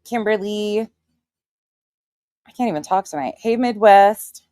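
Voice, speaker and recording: A woman's voice: medium pitch, unhurried, dark tone, no echo, clean studio sound. A woman in her forties hosting a casual livestream, greeting viewers one by one by their chat names and speaking bluntly with plenty of swearing. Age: 40s. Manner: blunt, profane and defiant. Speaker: livestream host.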